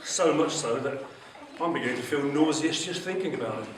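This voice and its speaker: A man telling a Bible story to schoolchildren in an animated way, often asking them questions. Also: on the high side, fairly quick. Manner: animated, asks the children questions. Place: school hall. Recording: echoey hall from far off, faint noise.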